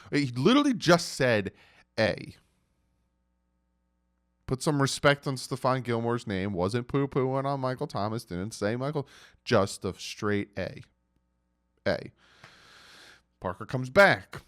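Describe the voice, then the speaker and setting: Animated, mocking male sports vlogger. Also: medium pitch, unhurried, long pauses. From United States. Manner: animated, mocking, reads out quotes with emphasis. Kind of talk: casual sports commentary.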